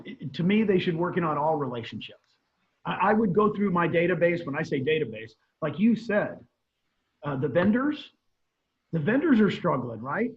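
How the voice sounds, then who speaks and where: A middle-aged man, a guest real estate trainer, giving emphatic advice on a video call and repeating his key points. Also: fairly high pitch. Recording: muffled video call audio.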